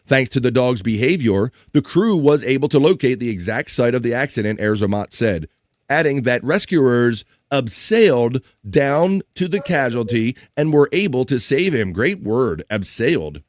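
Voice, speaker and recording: A man hosting a live stream, reading offbeat news and chat comments aloud in a jokey, animated way. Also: mid-range voice, moderate pace, dry recording. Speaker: live-stream show host. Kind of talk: casual news read and chat.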